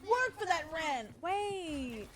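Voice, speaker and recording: A woman's voice: very high-pitched, sing-song, takes it slowly, noisy background. A woman chatting casually and playfully with her viewers while gaming, tired and swearing now and then. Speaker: streamer. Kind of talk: casual gaming stream chat.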